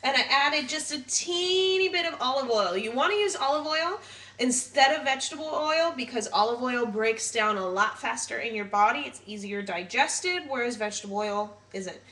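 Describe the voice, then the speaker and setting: Cheerful young woman with a high, bright voice demoing a recipe at home, a little off-mic. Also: animated, normal speed, far from the mic. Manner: chatty, giggly, playful. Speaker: home cook host. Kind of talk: casual recipe demo. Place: home kitchen.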